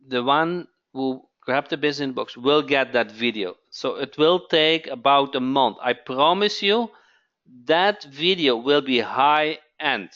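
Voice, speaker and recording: A man hosting a live webinar sales pitch, who keeps asking "okay?" and repeats his phrases. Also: expressive, measured pace, a bit bright, muffled recording. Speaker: webinar host.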